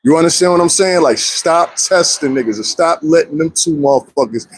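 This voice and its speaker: A man's voice: on the high side, a little fast, a little hiss or hum. A man commenting casually on a live stream, talking straight to his viewers and laughing often. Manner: animated, talks straight to viewers, frequent laughs.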